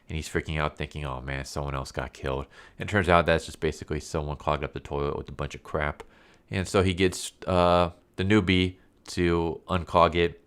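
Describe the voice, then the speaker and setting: A man's voice: deep voice, fairly bright tone, clear, resonant tone. A man giving a casual, rambling comic book review with lots of fillers. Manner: loose, rambling, filler-heavy recap.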